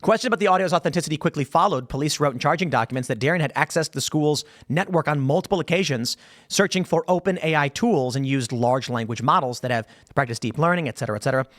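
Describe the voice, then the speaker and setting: A man hosting a show, talking through the news in casual, opinionated commentary. His voice sits a little high for a man, and he keeps throwing out rhetorical questions. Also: fast talker, fairly bright tone. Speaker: show host.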